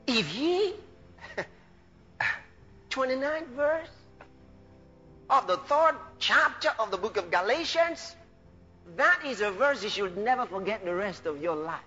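A male preacher delivering a fervent sermon, shouting exclamations, laughing and acting out scripture voices. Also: extremely high pitch, very animated, unhurried, big-room sound. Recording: muffled lo-fi recording with faint music.

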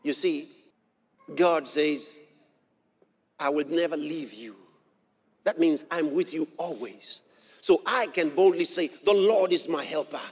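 A man preaching a sermon as pastor, emphatic and repetitive, building up to shouted lines. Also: fairly high pitch, takes it slowly, long pauses, slightly rough. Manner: emphatic, repeats phrases, rises to shouts. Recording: long hall reverb.

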